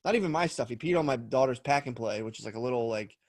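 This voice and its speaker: A man's voice: mid-range voice, animated, quick pace, no room sound, studio quality. A man in his thirties, a podcast co-host, telling stories in a rambling, profane way with lots of restarts. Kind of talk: casual chat.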